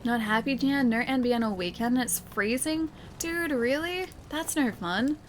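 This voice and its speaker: A woman's voice: on the high side, moderate pace, a little hiss or hum. A woman streaming a game live, chatting playfully with her viewers and joking as she plays. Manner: playful, chatty, jokey asides.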